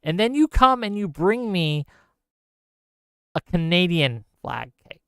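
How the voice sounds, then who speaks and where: A man's voice: sits high, very animated, slow pace, a bit bright, clear, resonant tone, no room sound, studio quality. A man hosting a live stream, ranting casually and sarcastically while reading out viewer comments.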